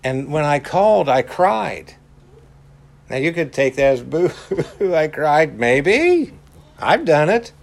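Slow, deliberate male preacher. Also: fairly high pitch, sing-song, gravelly. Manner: slow, deliberate, emphatic repetition. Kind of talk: sermon.

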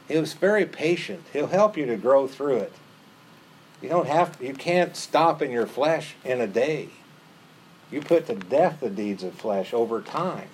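Earnest male preacher, mid-pitched. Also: a little mellow, a little hiss or hum. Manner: earnest, repeats phrases for emphasis. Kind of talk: sermon.

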